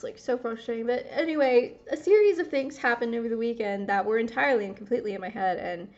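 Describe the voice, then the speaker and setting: Young woman, confessional gaming vlogger; rambles, swears freely, keeps cutting herself off. Fairly high voice, dull lo-fi audio. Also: fast talker, hardly any pauses, darkish tone, faint music behind. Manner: rambling, swears often, self-interrupting.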